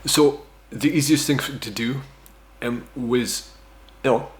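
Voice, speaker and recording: A Scottish man in his thirties, speaking slowly in a mid-range voice, tells a personal story in a casual vlog. He rambles, swears and mocks himself, often tacking "right?" onto his lines.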